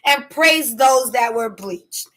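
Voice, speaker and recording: A woman telling a story to camera in a casual rant, emphatic and animated, acting out her own shouts. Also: on the high side, slow. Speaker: vlogger.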